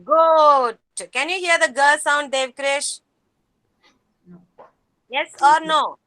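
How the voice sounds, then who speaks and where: High bright-voiced teacher, slow and patient. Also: female voice, steady tone, dry recording. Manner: slow, patient, repeats words for young children. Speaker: kindergarten teacher. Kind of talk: online class teaching. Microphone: video call.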